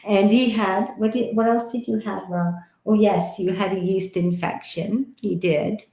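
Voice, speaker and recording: A woman chats warmly into her live stream from home, calling her viewers honey and sweetheart. Her voice sits at an ordinary mid pitch. The room around her sounds noticeably echoey. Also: fairly even intonation, a little slow. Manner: chatty and affectionate, calls people honey and sweetheart. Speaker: livestream host giving psychic readings. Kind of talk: casual live-stream chat. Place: home, indoors. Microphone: headset or computer mic on a live stream.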